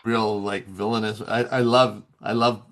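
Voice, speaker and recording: A man who works as a voice actor, a guest in a casual interview, telling animated stories and laughing often. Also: on the low side, a little slow.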